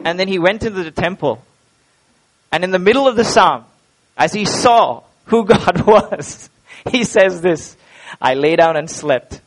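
A man's voice: high voice, expressive, measured pace, low-quality recording. A male preacher, delivering a sermon emphatically, with rhetorical questions and repeated words.

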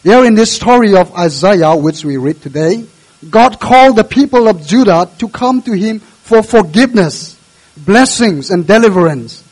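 High-voiced pastor preaching earnestly. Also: male voice, rough recording. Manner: earnest, measured, exhorting. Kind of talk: sermon.

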